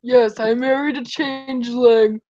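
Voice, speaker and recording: A woman doing a slow, dopey boy voice as a dazed male unicorn pony prince from a cartoon, on muffled stream audio. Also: a little high, fairly even intonation, mellow, lightly acted. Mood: goofy.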